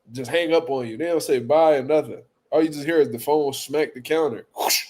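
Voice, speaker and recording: A man's voice: fairly high pitch, normal speed, long pauses. A man hosting a boxing talk show, telling funny stories casually with lots of profanity, repetition and laughter. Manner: animated, profane, laughing, repeats words. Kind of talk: casual comedic storytelling.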